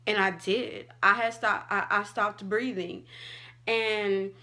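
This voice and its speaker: A woman's voice: medium pitch, steady tone, slow pace, sharp tone. A young adult woman vlogging, telling a personal story in a casual, chatty way with lots of "like". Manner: chatty, fillers like "like" and "all like".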